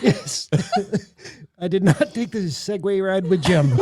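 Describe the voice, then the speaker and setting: A man's voice: high-pitched, huge pitch swings, slow, a crowd in the background. A middle-aged man hosting a podcast, prompting his guests with casual questions. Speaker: podcast host. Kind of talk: casual chat.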